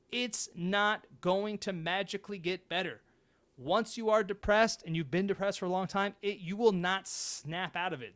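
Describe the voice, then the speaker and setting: A young man hosting his own show, talking bluntly and with swearing in a fired-up motivational monologue. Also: on the high side. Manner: blunt, profane, animated. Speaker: host.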